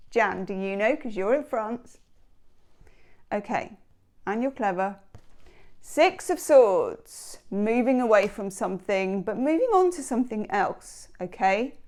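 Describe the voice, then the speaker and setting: A woman's voice: fairly high pitch, a little mellow. Chatty woman reading tarot. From England. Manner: chatty, rambling and enthusiastic. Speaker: tarot reader. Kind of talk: casual tarot reading chat.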